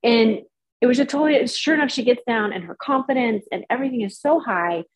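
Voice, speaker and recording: A woman co-hosting a podcast, telling a rambling, animated story in casual chat. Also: fairly high pitch, a little fast, slight background noise, low-quality recording. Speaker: podcast co-host.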